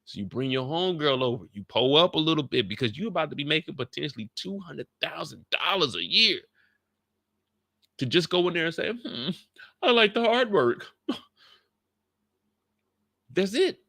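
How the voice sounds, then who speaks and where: A man's voice: on the high side, lively intonation, fairly quick, creaky, pushed and bright, dry recording, studio quality. A man hosting a TV recap channel, talking casually and slangily, joking and addressing his viewers directly. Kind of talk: casual, animated video commentary.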